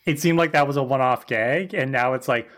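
A podcast co-host chatting casually with quick joking asides. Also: medium pitch, a bit bright. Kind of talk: casual chat.

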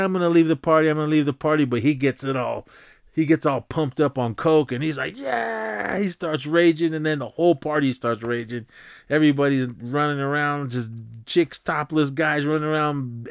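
A man recapping a film in a loose, chatty way, full of fillers and restarts, who jumps into higher, faster voices when quoting characters. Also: smooth, no room sound, clean studio sound. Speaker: podcast host recapping a film. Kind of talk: casual rambling recap.

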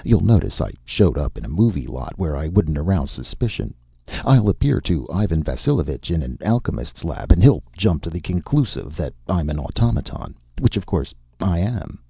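Man voicing a pedantic tipsy robot, very low voice, gravelly. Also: sing-song, normal speed, no room sound, lo-fi sound, heavily acted. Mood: pompous. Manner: pedantic, slurring after the jolt. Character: pompous tipsy male robot from the future.

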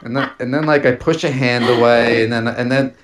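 A man spins a long, loose story on a podcast, full of fillers and restarts. He keeps breaking into laughter as he goes. His voice sits at an ordinary middle pitch. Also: fairly even intonation, brisk, slight background noise. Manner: rambling, laughs often, many fillers and restarts. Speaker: podcast guest telling a story. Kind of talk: casual storytelling.

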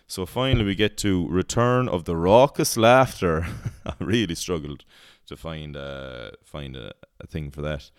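A man's voice: low-pitched, sing-song, measured pace, clean tone, no room sound, clean studio sound. A young man, hosting a podcast in casual chat, rambling, swearing freely and laughing at his own jokes. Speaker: podcast host.

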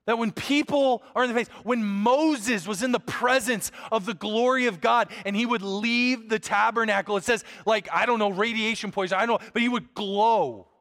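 A man in his thirties, a pastor preaching a sermon with animated storytelling. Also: sits high, normal speed, hardly any pauses, long reverb tail. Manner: animated storytelling, acts out voices.

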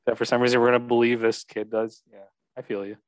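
Tipsy man, mid pitch, jokey interjections, dry close sound. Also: flat delivery, dry recording. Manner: joking, quick interjections. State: a little tipsy. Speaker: podcast co-host. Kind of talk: casual movie review chat.

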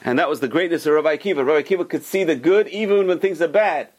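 A man teaching a Torah class as a rabbi, emphatic and repeating his key words, who tells stories in an animated way. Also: fairly high pitch, very fast, slight background noise, poor audio.

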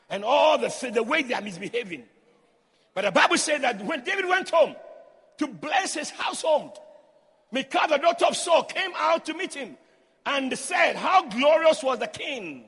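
A man preaching loudly in church, fervent and calling out to the congregation. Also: very high-pitched, creaky, slightly rough. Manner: loud, fervent, call-and-response. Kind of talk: shouted sermon. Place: church hall. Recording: long hall reverb.

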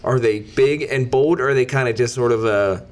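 A man's voice: mid-range voice, moderate pace. A man co-hosting a casual beer-tasting podcast, joking and riffing between sips. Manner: joking, tangential banter. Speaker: podcast co-host. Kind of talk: casual chat.

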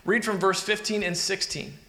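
A man's voice: sits high, normal speed, gravelly, sharp tone. A man preaching a sermon in an earnest, conversational way, asking the listeners questions. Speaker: pastor. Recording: echoey hall with long reverb.

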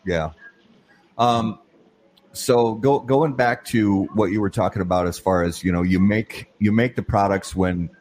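Deep-voiced easygoing male podcast host. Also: unhurried, darkish tone. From lives in Minnesota, not born there. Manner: easygoing, rambling with many fillers. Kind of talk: casual interview chat.

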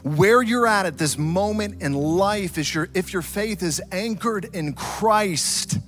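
A man preaching a sermon, telling a story dramatically and swinging from loud to hushed. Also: sits high, slow pace, faint music behind. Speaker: pastor.

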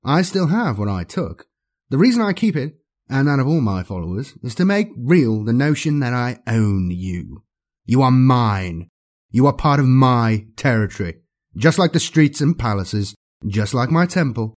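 A man voicing a cruel, imperious male alien overlord in an audiobook, cold and commanding, with drawn-out words. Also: medium pitch, very animated. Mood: menacing. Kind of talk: audiobook character voice.

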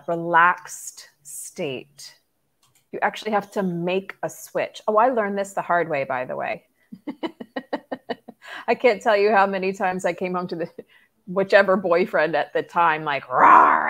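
A woman guest on a podcast, a spiritual mentor talking in an earnest, expressive way and laughing easily. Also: medium pitch. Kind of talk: conversational podcast interview.

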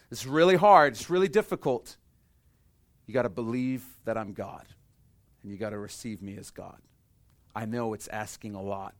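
A man preaching a sermon as pastor, swinging from hushed, quiet passages to emphatic peaks, with rhetorical questions and repetition. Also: lowish voice.

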